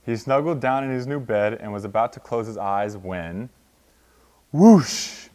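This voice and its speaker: A man's voice: lowish voice, normal speed. Young man reading a picture book aloud. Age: 20s. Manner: steady storybook reading with sound effects. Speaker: college football player reading to children. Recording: long hall reverb.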